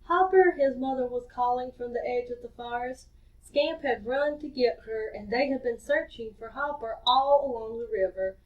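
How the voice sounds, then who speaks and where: A woman reading a story aloud to children in a cheerful, expressive way. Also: fairly high pitch, normal speed. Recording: distant dull lo-fi recording.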